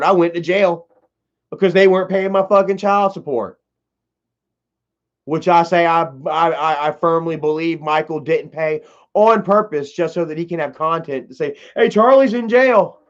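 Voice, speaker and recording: A man's voice: a little high, fairly even intonation, moderate pace. Rambling, profane man. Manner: profane, rambling, heavy fillers. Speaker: livestreamer telling a family story. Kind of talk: casual storytelling livestream. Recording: dull lo-fi livestream audio.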